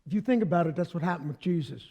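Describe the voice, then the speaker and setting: A man preaching a sermon as pastor, animated and playful, talking directly to the congregation. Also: fairly high pitch, very fast.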